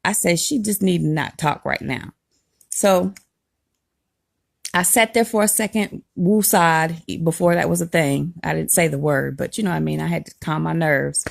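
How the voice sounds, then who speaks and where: Brief: low, gravelly woman, lively emphatic storytime delivery. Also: moderate pace, dry recording, clean studio sound. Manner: animated, emphatic, laughs while telling. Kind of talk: casual storytime vlog.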